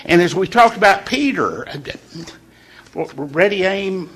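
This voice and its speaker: Guy with a slightly high husky voice chatting through a morning devotional, folksy, pauses a lot for effect. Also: lively intonation, fairly bright tone. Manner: folksy and conversational, with deliberate pauses. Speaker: devotional leader. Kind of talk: informal morning devotional talk.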